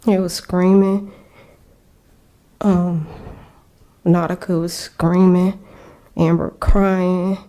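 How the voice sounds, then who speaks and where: A woman with a low, dark voice tells her own story slowly, pausing often as she searches for words. Her delivery stays flat and subdued throughout, a recorded interview of personal testimony. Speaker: survivor interviewed.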